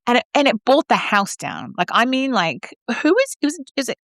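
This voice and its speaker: A middle-aged Australian woman co-hosting a podcast, telling backstage stories in an animated, blunt way. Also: fairly high pitch, moderate pace, dry recording, clean studio sound. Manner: animated storyteller, mimics voices, swears freely. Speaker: podcast co-host. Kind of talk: casual chat.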